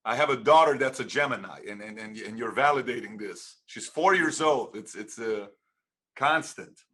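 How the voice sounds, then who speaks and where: A male host chats casually and stumbles through fillers as he asks questions. His voice is bright and edgy, with a husky, breathy grain. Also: medium pitch. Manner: halting, many fillers. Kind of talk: casual chat.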